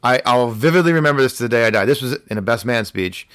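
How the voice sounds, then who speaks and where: A man's voice: medium pitch, fast talker, smooth, dry recording, studio quality. Man telling a story with energy. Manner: animated anecdote telling, acts out quoted voices. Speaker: podcast guest. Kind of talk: casual storytelling.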